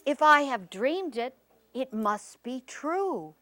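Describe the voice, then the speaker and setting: A woman storyteller voicing a proud, wealthy village man who speaks loudly and commandingly. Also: sits high, very animated, slow pace, pitched above the performer's own voice, exaggerated voice. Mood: proclaiming. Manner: loud and commanding.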